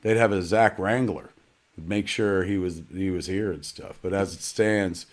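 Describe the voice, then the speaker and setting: A man's voice: deep voice, steady tone, a little slow. Joking, rambling man hosting live. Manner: rambling, joking, self-mocking, salty language. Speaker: host of a live digital premiere. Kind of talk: casual live-stream hosting.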